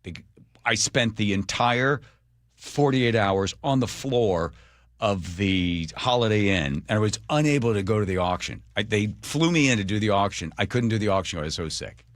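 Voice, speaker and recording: A man's voice: normal speed, dry recording, clean studio sound. A middle-aged man hosting a radio show, telling stories in casual on-air chat and acting out the people he quotes. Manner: animated, acts out quoted people with jumps in pitch. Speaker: radio host. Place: radio studio. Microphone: studio microphone.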